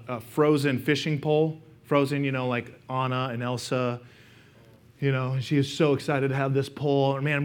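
A middle-aged man preaching a sermon in a church, speaking casually with personal stories and talking straight to the congregation. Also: on the high side. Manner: conversational, anecdotal, speaks directly to the congregation. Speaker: pastor. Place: church sanctuary.

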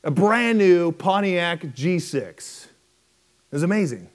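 A male pastor preaches a sermon with a high, expressive voice. He tells stories with animation. His pitch swings widely as he builds to each point. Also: slow pace. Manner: storytelling, animated with impressions.

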